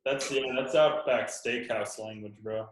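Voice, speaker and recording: A man's voice: fairly low pitch, measured pace. Casual male podcast host, jokey and loose, recorded in a roomy space. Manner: laid-back, joking, lots of fillers. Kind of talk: casual chat.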